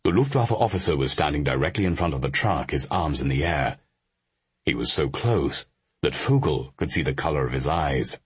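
Very deep, husky male narrator. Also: expressive, normal speed, no echo. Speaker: audiobook narrator. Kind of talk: scripted narration.

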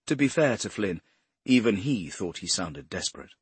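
A male narrator reads a crime novel with a husky voice and a lively, wide-ranging pitch. The reading is measured and expressive, recorded close and dry. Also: dry recording. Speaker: audiobook narrator.

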